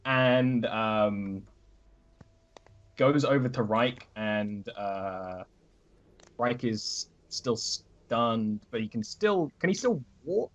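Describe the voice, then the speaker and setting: A man's voice: medium pitch, lively intonation, drawn-out words. A man at a tabletop game, rambling through his character's moves with lots of "like" and a voice that swings up and down. The call audio sounds dull and lo-fi. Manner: rambling, full of "like". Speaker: player. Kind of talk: casual tabletop play.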